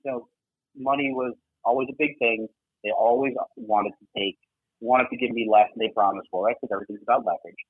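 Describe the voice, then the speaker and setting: A former double agent, appearing as a guest, tells an animated story in a casual way, swearing and packing his speech with fillers. His medium-pitched voice has a breathy edge, there's no echo, and the line sounds tinny, like a phone.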